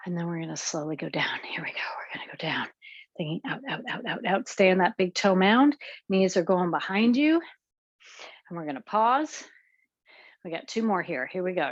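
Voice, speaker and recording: A woman's voice: fairly low pitch, no room sound, highs cut off. Woman cueing an exercise class. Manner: cueing moves while exercising, counting reps. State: slightly out of breath. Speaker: fitness instructor.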